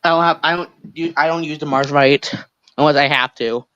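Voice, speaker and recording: A man with a notably high voice, chatting loosely while playing a game on stream and teasing his friend in a playful tone. The mic sounds dry and a little dull, with no room around the voice. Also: steady tone, sharp tone, smooth, no echo. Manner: playful, teasing, quick to break into silly voices. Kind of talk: casual gaming chat.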